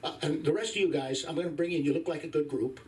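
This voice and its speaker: A man's voice: a little high, fast talker, a little mellow, distant mic. A man in his fifties doing a crude, wry stand-up comedy set on a club stage. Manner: crude, profane, wry storytelling.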